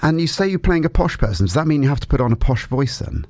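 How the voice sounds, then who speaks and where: A man's voice: mid-range voice, fast talker, dry recording. A man hosting a radio show, interviewing a guest with enthusiastic, chatty energy. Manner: lively, enthusiastic, laughs easily. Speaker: radio presenter.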